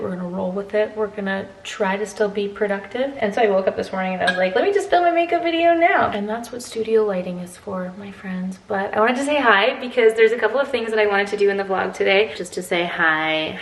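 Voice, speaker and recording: A woman's voice: medium pitch, gravelly, echoey room. A young English woman, jet-lagged, chatting casually to the camera at home in a rambling way, full of tangents. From England. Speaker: vlogger. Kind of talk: casual morning chat to camera.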